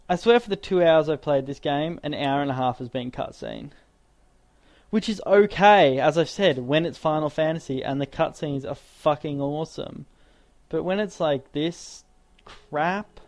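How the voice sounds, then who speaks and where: A man's voice: a little high, moderate pace, a little mellow, no room sound. A man giving casual, sarcastic let's-play commentary as he plays, ranting and exclaiming at the game. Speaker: gaming commentator and podcaster.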